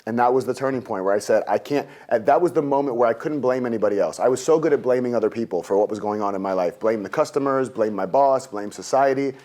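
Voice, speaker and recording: A man in his thirties, a guest telling a story in an interview, lively and jokey, acting out his own past rants. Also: mid-range voice, fast, few pauses.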